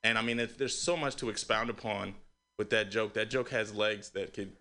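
A man's voice: fairly low pitch, fairly even intonation, moderate pace, pushed and bright. A man in a radio studio giving easygoing notes on a comic's joke. He speaks in a loose, supportive way and rambles through his restarts. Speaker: joke workshop critic. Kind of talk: casual feedback at a comedy workshop.

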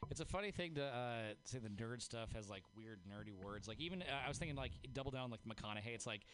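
Fast talking guy stumbling through notes for a comic. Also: medium pitch, lively intonation, a bit bright, a little hiss or hum. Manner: halting, stumbling restarts. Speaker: fellow comedian giving notes.

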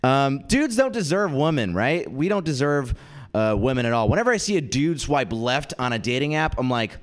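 With a medium-pitched voice at normal speed, a young comedy show host delivers a self-mocking stand-up routine to a live audience at a comedy venue. He keeps it lively and puts on mock voices for the people he quotes.

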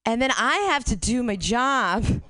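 A woman's voice: on the high side, expressive, a little slow, bright, forceful tone, dry recording. A woman doing a stand-up set, telling crude stories candidly and laughing at her own jokes. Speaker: stand-up comic.

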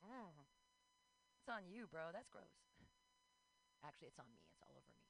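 Bright-voiced woman doing stand-up. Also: fairly low pitch, very animated, moderate pace, gravelly, a little hiss or hum, low-quality recording. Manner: chatty, self-mocking, playful squeals. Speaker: stand-up comedian. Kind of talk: stand-up comedy set. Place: outdoor comedy show.

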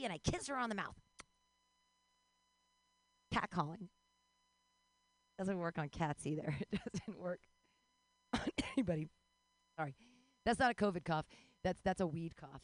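In a dry recording, a woman in her forties rambles through a self-deprecating stand-up set, bursting now and then into sudden high yelps and laughter.

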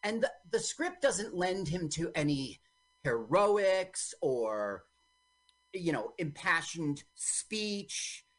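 A woman co-hosting a radio show, bantering playfully about a movie, jokey and quick to interrupt. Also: lowish voice, sing-song. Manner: joking, quick to interrupt and argue. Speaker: radio co-host. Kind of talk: casual banter while watching a movie. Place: radio studio.

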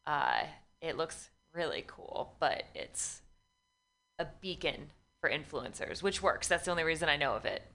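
Young woman guest, bright low-ish voice, laid-back slangy chat with frequent laughs. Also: very animated, moderate pace, creaky. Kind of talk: casual radio chat.

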